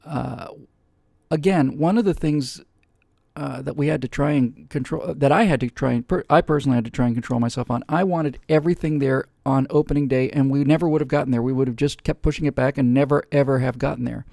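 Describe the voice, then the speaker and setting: A man's voice: medium pitch, brisk, gravelly, darkish tone, no echo, clean studio sound. A man hosting a live webcast, talking casually and rambling with many fillers and restarts. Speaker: host.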